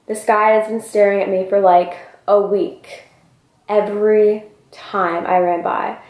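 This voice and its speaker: Young woman vlogging a storytime, animated, says like a lot, echoey room. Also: medium pitch, unhurried. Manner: animated, breathless retelling full of "like". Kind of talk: storytime vlog.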